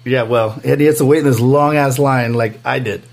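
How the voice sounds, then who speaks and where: A man co-hosting a podcast in casual chat, telling a story in an animated way and acting out quotes, with a lot of swearing. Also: mid-range voice, brisk, creaky. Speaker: podcast co-host.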